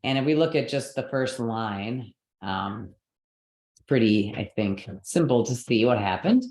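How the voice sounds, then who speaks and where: A man gives a patient, step-by-step lesson, pausing often to check that his listeners follow. His voice sits at an ordinary middle pitch. The sound carries a noticeable room echo. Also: lively intonation, a little mellow. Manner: patient, explanatory, checks in with "okay" and "right". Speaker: teacher. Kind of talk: online lesson on Sanskrit pronunciation.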